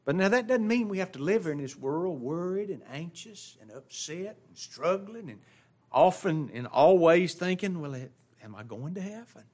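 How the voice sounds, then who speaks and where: Preaching man with a higher voice. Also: animated, darkish tone. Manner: preaching with rising emphasis and drawn-out quoted scripture. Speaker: pastor. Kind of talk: sermon.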